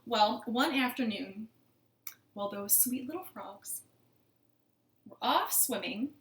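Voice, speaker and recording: Animated woman reading storytime. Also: fairly high pitch, slow pace. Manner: animated and playful, asks the kids questions. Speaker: children's librarian. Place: living room at home. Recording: roomy living room.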